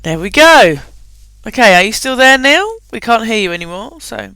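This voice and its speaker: A woman runs a live webinar in a chatty, upbeat voice, laughing often and filling gaps with ums. Her tone is bright and crisp, and the recording is dry and close. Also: on the high side, very animated, normal speed, no room sound. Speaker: webinar host. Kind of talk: live online webinar presentation.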